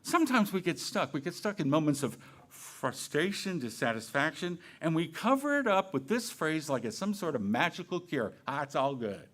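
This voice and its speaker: A man's voice: a little high, very animated, moderate pace, hardly any pauses, fairly bright tone. A man giving a sermon to his congregation in a conversational, playful way, asking questions and acting out quoted phrases. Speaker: minister. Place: church sanctuary.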